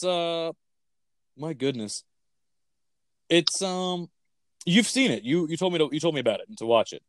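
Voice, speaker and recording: An excited man chats on a podcast, wandering off into tangents as he gushes about a movie. His voice sits at a middling pitch. The recording is dry and close, with no room sound. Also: dry recording. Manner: enthusiastic, rambling with fillers and tangents. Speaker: podcast host reviewing films. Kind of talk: casual chat.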